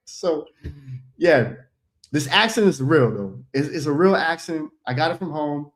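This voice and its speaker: A man's voice: a little high, expressive, unhurried. A man in his thirties from the Netherlands, a rapper chatting casually as a guest, telling stories in a loose, rambling way and laughing easily. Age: 30s. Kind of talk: casual chat on a stream.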